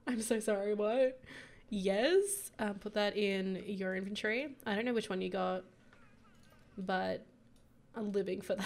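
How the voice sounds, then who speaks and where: Giggly, croaky young woman gushing over a game. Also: mid-range voice, unhurried, long pauses. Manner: bubbly and giggly, gushing over her characters. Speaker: gaming YouTuber. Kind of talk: casual gameplay commentary.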